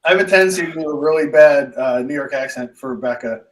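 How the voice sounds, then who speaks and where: A man's voice: on the high side, quick pace. Rambling jokey man with Pittsburgh accent. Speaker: podcast co-host. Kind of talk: casual chat.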